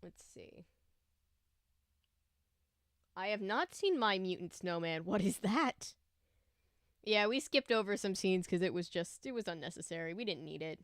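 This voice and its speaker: Young woman, casual livestream host, chatty, greets viewers, smooth crisp voice, dry close sound. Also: medium pitch, lively intonation, moderate pace, no echo.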